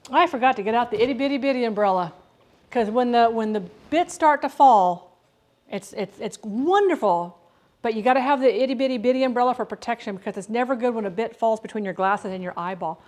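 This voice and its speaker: With a fairly high, darkish voice and lively intonation, a middle-aged woman talks briskly to her live-stream viewers while cooking at home. Her casual chat rambles and is full of restarts.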